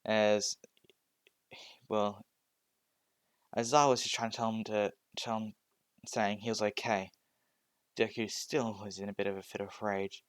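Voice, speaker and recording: Young male storyteller, slow and halting, low smooth voice, dry room. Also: flat delivery, no echo. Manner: hesitant, many restarts and fillers. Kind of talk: improvised fan-fiction narration.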